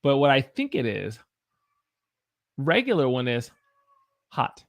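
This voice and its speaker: His pitch swoops wildly around a medium center as this man from the Southern US, with a Southern American accent, demonstrates English pronunciation on a live stream, dragging out each example word slowly.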